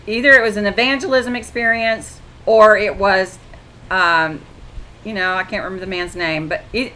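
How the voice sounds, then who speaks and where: A woman's voice: mid-range voice, sharp tone, a little hiss or hum, low-quality recording. A woman telling faith stories in a chatty monologue, acting out conversations and restarting her sentences often. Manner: chatty storytelling with frequent restarts and quoted dialogue. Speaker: Christian video blogger. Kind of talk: casual testimony monologue.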